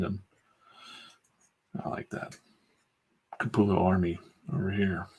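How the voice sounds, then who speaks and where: A middle-aged man with a low, gravelly voice that has a husky edge. He chats casually and bluntly while inking comics on a live stream, now and then winding himself up into a pep talk with some swearing. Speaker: comic artist streaming his work.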